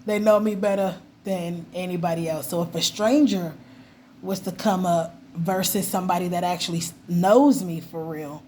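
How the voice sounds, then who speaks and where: A woman vlogging in a casual, animated way about her faith, laughing and mimicking voices as she tells stories. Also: fairly low pitch, normal speed, a little hiss or hum. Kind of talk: casual faith talk to camera.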